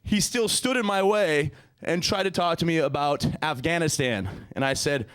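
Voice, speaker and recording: A man's voice: fairly high pitch, normal speed, a bit bright, clear, resonant tone. A man doing a stand-up comedy set in a profane, ranting way. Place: comedy stage before a live studio audience.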